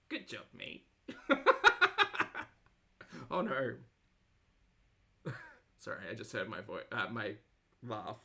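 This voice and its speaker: Bright lively woman streamer. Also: a bass voice, takes it slowly, gravelly, long pauses. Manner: chatty, sarcastic asides, reads chat aloud. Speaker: reaction channel host. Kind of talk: livestream reaction commentary.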